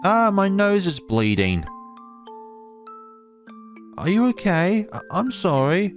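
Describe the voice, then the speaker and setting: A plucky little village girl squeaks out her lines, high and bouncing all over, as a man puts her on. She sounds bold and protective, with soft music faintly behind. It feels like a horror game playthrough. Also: takes it slowly, full character voice. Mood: worried. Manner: excited, high squeaky delivery.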